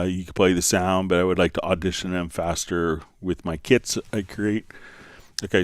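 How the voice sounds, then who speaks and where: Man, very low voice, dry close recording, casual tutorial host, thinks aloud with fillers. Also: smooth, dry recording. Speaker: livestream host answering viewer questions.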